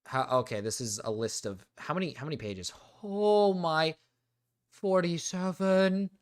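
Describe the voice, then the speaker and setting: A man's voice: fairly low pitch, animated, fast. Male streamer, casual reaction commentary, reads text aloud, incredulous asides. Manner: reads quotes aloud, interrupts with incredulous remarks, bursts of loud laughter.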